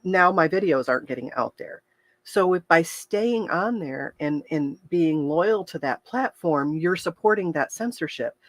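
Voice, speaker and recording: Her voice runs low and animated, a little slow, with no echo. She's a woman hosting a livestream as a health coach, speaking frankly and chattily to viewers, often starting sentences over, and laughing through tears in open emotion.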